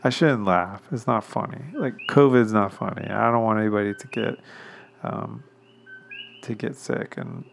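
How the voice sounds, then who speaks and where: Rambling man, low gravelly voice. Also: moderate pace, slight background noise. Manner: rambling, many ums and restarts; chuckles self-consciously. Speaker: podcast host. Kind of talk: casual solo podcast monologue.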